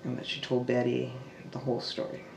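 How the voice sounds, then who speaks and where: Gravelly man telling family history. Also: mid-range voice, completely flat delivery. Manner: halting, with restarts and trailing fillers. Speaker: family storyteller. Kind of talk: oral history storytelling. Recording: echoey room with faint background noise.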